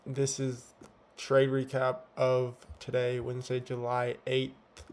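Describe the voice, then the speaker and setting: Young man with a slight lisp, flat delivery. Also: medium pitch, slow pace. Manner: laid-back, slangy, filler-heavy. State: slight lisp from teeth strips. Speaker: day trader. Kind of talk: casual trade recap. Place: home at night.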